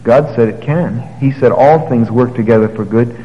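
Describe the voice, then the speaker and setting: A man preaching a sermon, telling the story with lively paraphrases and moving between loud, emphatic passages and quiet, low ones. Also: normal speed, highs cut off. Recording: long hall reverb.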